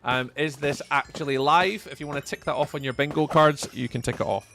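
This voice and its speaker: A man's voice: a little high, steady tone, fairly quick, gravelly, noisy background. A young man with a Scottish accent, chatting casually with his chat while livestreaming a game. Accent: Scottish, Edinburgh area. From Scotland. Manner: chatty, reads chat aloud, repeats phrases. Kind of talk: casual live-stream chat while playing.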